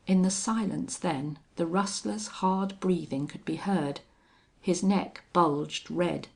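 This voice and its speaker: A woman narrating a western novel as an audiobook, with a steady, measured delivery. Her voice has a gravelly fry and she reads slowly. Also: on the low side.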